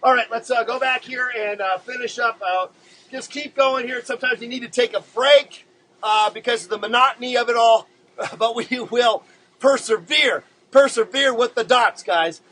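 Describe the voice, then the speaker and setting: A man hosting a casual live-streamed drawing show, chatting to viewers in a laid-back, rambling way with many halting filler words. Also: very high-pitched, sharp tone, slight background noise, rough recording.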